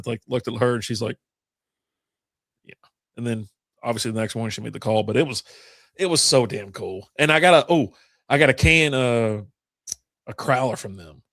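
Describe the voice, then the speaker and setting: A man's voice: mid-range voice, fairly bright tone, dry recording. A man with a drawl spins long, rambling stories over beers, swearing as he goes. His voice sits in a mid register. The sound is dry and close. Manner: rambling storyteller, swears a lot. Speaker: podcast co-host. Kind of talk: casual chat over beers.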